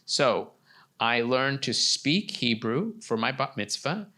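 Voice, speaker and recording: A man interpreting for a deaf guest in the first person on a live talk show, delivering his words in measured phrases. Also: medium pitch, sing-song, sharp tone. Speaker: sign language interpreter voicing a deaf guest. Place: TV studio with a live audience.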